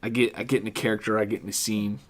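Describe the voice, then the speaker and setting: A man's voice: lowish voice, flat delivery, rapid-fire. A man, a podcast guest, telling a rambling, profane story in casual chat, often correcting himself as he goes. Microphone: studio mic.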